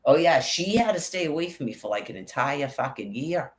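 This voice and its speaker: A man's voice: a little high, big pitch swings, a little fast. Swearing, rambling New man ranting. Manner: angry, swears constantly, rambling. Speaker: vlogger. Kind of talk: profane ranting monologue.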